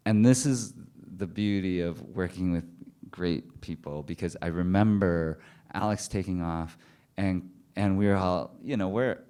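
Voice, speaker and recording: A man with a very deep, smooth voice talks on a festival panel. He tells behind-the-scenes anecdotes with animated energy and laughs as he acts out other people's lines. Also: measured pace, hardly any pauses. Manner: animated anecdotes, laughing while acting out quotes. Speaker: film director on a panel. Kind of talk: panel storytelling.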